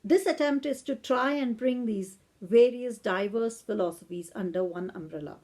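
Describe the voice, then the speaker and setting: Woman doing a philosophy podcast, storytelling lecture vibe, pitch a bit high. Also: a little mellow. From India. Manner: reflective, storytelling, with a few self-corrections. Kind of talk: lecture-style podcast talk.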